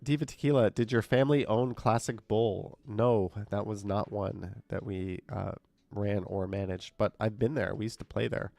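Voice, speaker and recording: A man's voice: fairly low pitch, steady tone, normal speed, vocal fry, darkish tone, no room sound. A man with a stuffed-up, nasal voice from a cold, chatting casually on a live stream as he reads viewer comments aloud and answers them. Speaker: live streamer reading chat. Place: indoors.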